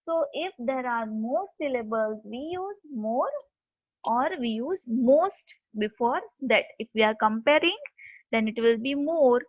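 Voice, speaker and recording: Speaking a little slowly, with lively intonation, a woman with a high voice explains grammar step by step and spells out words one letter at a time. The audio is dry and dull, with a lo-fi quality.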